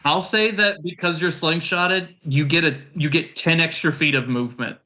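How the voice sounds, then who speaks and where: A man's voice: fairly high pitch, fairly even intonation, moderate pace, bright, forceful tone, low-quality recording. A man narrating as game master of a tabletop game, often laughing as he describes the action.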